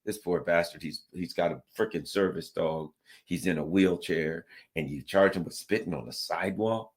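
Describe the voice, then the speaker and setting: A man giving an animated political rant, mocking people with sarcastic put-on voices that jump far up in pitch. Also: moderate pace. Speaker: political commentator.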